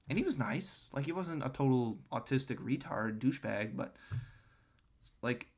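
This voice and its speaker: A man's voice: medium pitch, lively intonation, normal speed, darkish tone. A man ranting scornfully and profanely while reacting to video clips. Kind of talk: crude reaction commentary.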